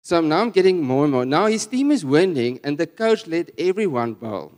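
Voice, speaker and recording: A man with a South African accent preaches in a relaxed, chatty way, full of restarts and asides. His voice comes through smooth and resonant, and a long church hall reverb trails behind every phrase. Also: on the high side, moderate pace. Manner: conversational, animated storytelling with frequent restarts. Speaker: guest preacher. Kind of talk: sermon with personal story.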